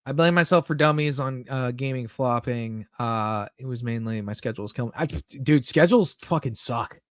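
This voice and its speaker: A man's voice: mid-range voice, moderate pace, no room sound. A young man chatting casually on a live stream, reading chat messages aloud and answering them candidly, swearing often.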